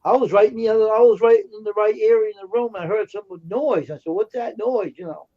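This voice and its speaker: A fast-talking man with a high voice sounds like he's on a phone line. As a stream co-host, he shares angry, worked-up stories of confrontations in a relaxed, chatty way.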